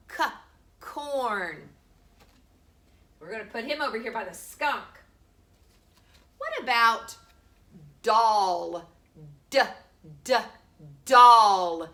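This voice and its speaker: A middle-aged woman teaching a home preschool lesson, slowly sounding out letters for small children. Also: on the high side, sharp tone.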